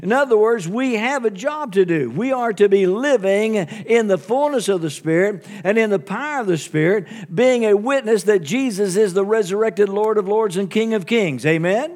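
A man preaching with a notably high-pitched voice. He reads scripture aloud, explains it verse by verse, and punctuates his points with fervent calls of amen and hallelujah to the congregation. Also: lively intonation, moderate pace, few pauses, a little mellow. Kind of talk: sermon.

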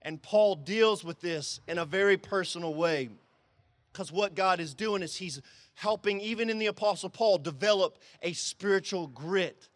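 A man preaching a sermon as pastor, emphatic and repeating phrases, rising to shouts and dropping low. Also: moderate pace, dry recording. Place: drive-in service.

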